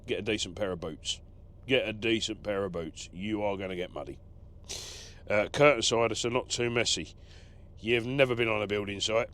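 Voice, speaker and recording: A man's voice: on the low side, moderate pace, a bit bright. A man who drives lorries, chatting casually in his truck cab as he reads out viewer comments, rambling and self-deprecating. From England. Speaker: lorry driver vlogger. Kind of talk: casual vlog chat, reading comments.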